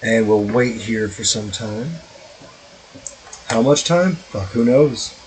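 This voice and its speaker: A man's voice: on the low side, lively intonation, slow pace, darkish tone, a little hiss or hum, poor audio. A man streaming a strategy game, chatting casually in a rambling, joking way with profane asides. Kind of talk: casual let's-play commentary.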